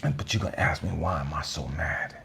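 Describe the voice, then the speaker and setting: A man giving an impassioned, profane motivational monologue, swinging between hushed whispers and raised outbursts. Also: extremely low pitch, sing-song, fairly quick, gravelly, slight background noise. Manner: profane, blunt street talk. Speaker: motivational speaker.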